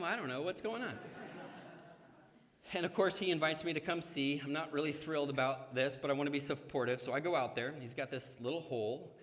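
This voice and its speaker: A man's voice: medium pitch, a bit bright. A middle-aged male pastor preaching a sermon in a church sanctuary, mixing scripture with humorous personal stories in a conversational way. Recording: long church hall reverb.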